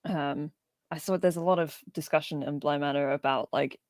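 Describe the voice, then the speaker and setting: A woman's voice: deep voice, steady tone, normal speed, darkish tone, no echo. A woman co-hosting a podcast, chatting casually and rambling about films, laughing often and swearing now and then. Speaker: podcast co-host.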